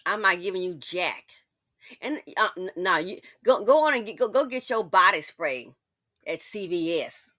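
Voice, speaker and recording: A woman's voice: lowish voice, expressive, normal speed, pushed and bright, no echo, clean studio sound. A woman hosting a casual commentary, talking straight to her listener in a sassy, outspoken way. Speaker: commentary channel host.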